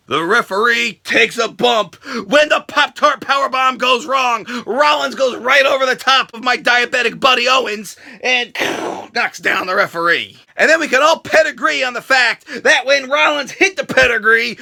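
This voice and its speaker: Loud, gravelly, high-voiced man ranting. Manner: crude, jokey, excitable, shouting outbursts and exaggerated impressions. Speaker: wrestling vlog host. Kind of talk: comedic wrestling show recap.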